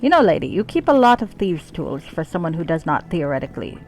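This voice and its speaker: Cocky rogue heroine, silly fake accent, lively swings, a woman puts her on. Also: sits low, faint music behind. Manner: deliberately terrible vague foreign accent. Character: cocky thieving female adventurer with made-up accent.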